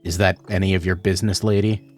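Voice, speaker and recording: A man's voice: deep voice, flat delivery, fast, a little mellow, soft background music, voice pushed down, lightly acted. A man voicing a rude, guarded village boy with blunt, curt replies while reading a visual novel aloud. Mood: dismissive.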